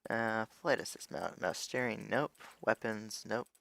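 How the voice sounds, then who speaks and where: A man's voice: fairly low pitch, a little slow, vocal fry, few pauses, fairly bright tone, dry recording. A young man giving casual, rambling let's-play commentary as a gaming video host, thinking aloud and restarting his sentences.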